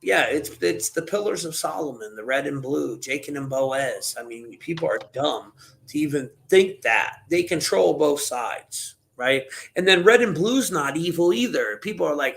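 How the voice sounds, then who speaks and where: A man hosting a casual conspiracy-theory chat, rambling and animated with many restarts. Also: a little high, normal speed, gravelly. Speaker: podcast host.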